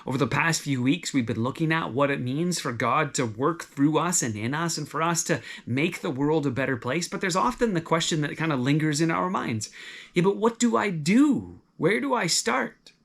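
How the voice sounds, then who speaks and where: A man with a slightly high voice delivers a sermon in a relaxed, conversational way. He encourages his listeners gently and talks through everyday examples as though chatting with a friend. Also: a little fast, hardly any pauses. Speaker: pastor.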